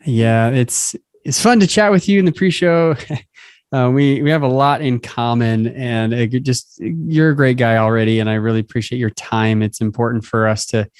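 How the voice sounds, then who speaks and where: A man's voice: mid-range voice, normal speed, a little mellow, clean tone, no echo, studio quality. A man hosting an interview podcast, talking with his guest in a friendly, loosely rambling way. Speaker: podcast host.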